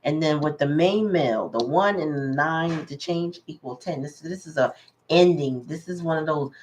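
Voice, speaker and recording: A woman's voice: low voice, normal speed, darkish tone, a little hiss or hum, poor audio. A woman giving a casual live tarot reading, musing aloud and greeting her viewers. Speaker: tarot reader.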